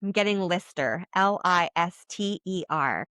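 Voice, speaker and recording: A woman's voice: on the low side, lively intonation, a little slow, a bit bright, smooth, no room sound. A woman giving a channeled spiritual reading in a casual, flowing way, full of restarts and filler words. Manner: flowing, earnest, many likes and trailing restarts. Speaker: psychic channeler.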